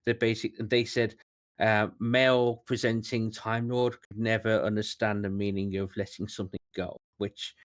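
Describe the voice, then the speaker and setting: A man's voice: on the low side, flat delivery, normal speed. A man co-hosting a podcast, chatting in a blunt, opinionated way. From Britain. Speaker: podcast co-host. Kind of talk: casual chat.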